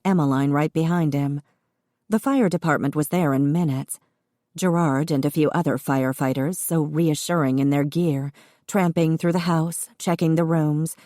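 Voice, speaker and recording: Woman audiobook narrator, low voice, mellow tone, dry close studio sound. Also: no echo.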